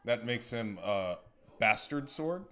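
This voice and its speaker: A man dropping deadpan one-liners in casual comedic banter. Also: mid-range voice, takes it slowly. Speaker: co-host.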